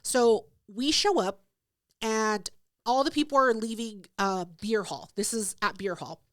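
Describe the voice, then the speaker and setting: Woman on a podcast going off on a story, loud and sweary, kinda high voice, dry close sound. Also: a little slow, no room sound. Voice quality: loud, profane, animated retelling with acted-out quotes. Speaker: podcast co-host. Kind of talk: casual storytelling chat.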